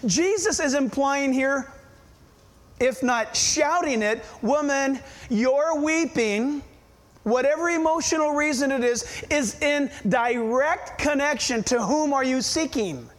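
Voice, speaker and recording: A male pastor preaching a sermon, emphatic and full of rhetorical questions, dropping to hushed asides for effect. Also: extremely high pitch, slow.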